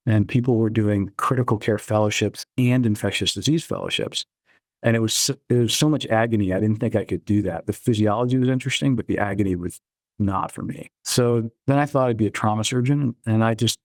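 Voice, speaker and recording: A middle-aged man telling stories from his career in a relaxed, anecdotal way during an interview. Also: on the low side, no room sound. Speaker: guest, chief innovation officer. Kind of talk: storytelling interview answers.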